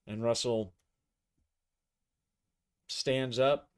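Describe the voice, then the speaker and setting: Slow, thoughtful man narrating a solo game. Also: medium pitch, fairly even intonation, smooth. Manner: thinking aloud while describing action and dice rolls.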